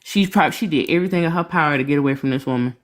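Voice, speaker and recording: A woman co-hosting a reaction stream, talking in an animated, emphatic way and laughing often. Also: low-pitched, very fast. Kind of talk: casual commentary chat.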